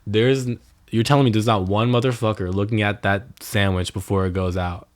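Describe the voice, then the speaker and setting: A man's voice: lowish voice, steady tone, moderate pace, dry recording. A young man co-hosting a podcast, telling a story in casual chat, with plenty of swearing and exasperated outbursts. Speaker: podcast co-host.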